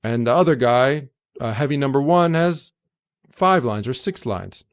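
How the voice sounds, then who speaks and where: A young man, a guest in a casual interview, telling animated stories and acting out other people's voices, with lots of fillers. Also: mid-range voice, unhurried, clear, resonant tone. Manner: animated, acts out quoted voices, many fillers. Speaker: actor and entrepreneur, guest.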